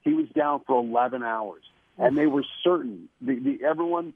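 A man guesting on a radio show to promote a program, talking with excitement and often repeating words. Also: mid-range voice, normal speed, slightly rough, no echo. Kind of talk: casual radio interview. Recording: tinny phone-line sound.

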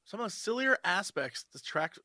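A man co-hosting a podcast, chatting casually in an animated, jokey way. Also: high-pitched, normal speed, dry recording. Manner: animated, jokey, slips into silly put-on voices. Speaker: podcast co-host.

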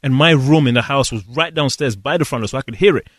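A guest from London, England, tells a personal story in an interview, earnest and reflective, pausing and starting over as he searches for words. His medium-pitched voice is slightly bright, and the sound is dry and close without echo.

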